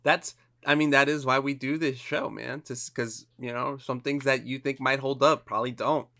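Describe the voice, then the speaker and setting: Bright-voiced man hosting a chatty film podcast. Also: normal speed, creaky. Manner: animated, emphatic, jumps into high mocking quotes. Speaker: podcast co-host. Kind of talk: casual chat.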